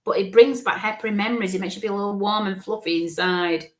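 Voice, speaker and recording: A woman giving a live psychic reading in a gentle, reassuring way, often checking in with "okay?". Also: medium pitch, fairly quick. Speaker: psychic medium.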